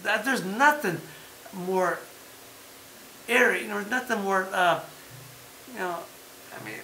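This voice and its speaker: A man's voice: sits high, measured pace, a little hiss or hum. Emphatic man in an echoey room. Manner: animated, emphatic, repeats himself; talks about having been a fighter. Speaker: podcast host. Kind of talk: casual chat.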